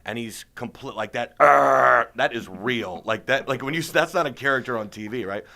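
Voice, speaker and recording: Bright-voiced comedian telling stories. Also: male voice, mid-range voice, a little fast. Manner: animated storyteller, laughs often. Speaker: stand-up comedian, interview guest. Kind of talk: casual interview chat.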